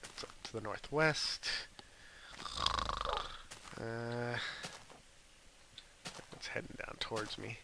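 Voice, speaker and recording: A man's voice: medium pitch, takes it slowly, vocal fry, long pauses, background noise. A young man rambling casually through gameplay commentary, chatting and talking fondly to his pet wolf. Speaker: gaming video host.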